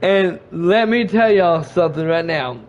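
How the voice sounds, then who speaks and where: A man's voice: on the high side, a little slow. A man hosting a podcast, telling a casual story full of restarts and repeated words. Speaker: podcast host. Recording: dull lo-fi stream audio.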